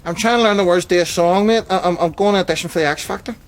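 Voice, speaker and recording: A man's voice: high-pitched, racing, faint music behind. A man trading dry wisecracks as a comedy show host.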